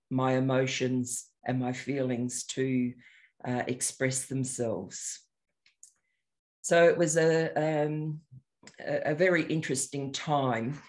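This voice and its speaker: Gentle and reflective, an older man who teaches meditation takes his time introducing a guided session. He speaks at a medium pitch.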